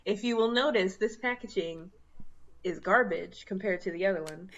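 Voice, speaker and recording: A young woman co-hosts a casual podcast, telling stories with animated, acted-out quotes and plenty of laughter. Her voice sits at a middling pitch, and the recording sounds dull and lo-fi. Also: moderate pace. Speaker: podcast co-host.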